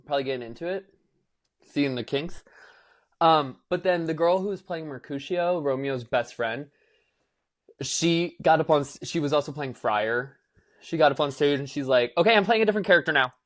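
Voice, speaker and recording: Animated young man telling a story. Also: a little high, normal speed. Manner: animated storyteller, acts out quotes in voices, many fillers. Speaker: podcast co-host. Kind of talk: casual podcast chat.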